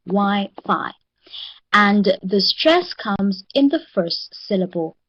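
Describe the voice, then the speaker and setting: A woman's voice: mid-range voice, animated, a bit bright, muffled recording. South African woman, online English teacher, encouraging. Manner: encouraging, drills words slowly.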